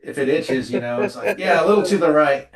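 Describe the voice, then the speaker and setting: Man, crude comedic riffing, higher voice, echoey room, off-mic. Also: lively intonation, fairly quick, recorded from a distance, over a noisy crowd. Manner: rambling, laughing at his own jokes. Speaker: podcast co-host.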